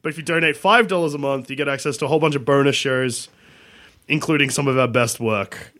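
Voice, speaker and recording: A man's voice: mid-range voice, fast, a bit bright. A tired young man co-hosting a late-night podcast, slurring a little and joking dryly. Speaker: podcast co-host. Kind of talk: casual late-night chat.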